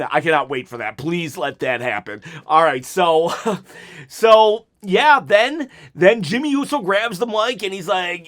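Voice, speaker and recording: A man casually recapping a wrestling show in a one-take vlog, animated and rambling, with asides where he acts out the wrestlers' lines. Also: sits high, unhurried. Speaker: wrestling commentary youtuber.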